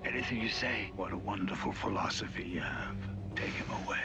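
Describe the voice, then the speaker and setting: An actor playing a sadistic male biker gang leader who taunts and sneers, heard in a film trailer over loud music. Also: on the low side, a little fast, natural voice. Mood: menacing.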